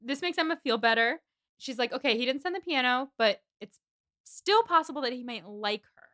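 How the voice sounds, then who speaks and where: A young woman co-hosting a casual book podcast, retelling a novel's chapters with lots of little character voices. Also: high-pitched. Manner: animated retelling, acting out characters in quick voices. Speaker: podcast co-host. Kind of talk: casual book-club chat.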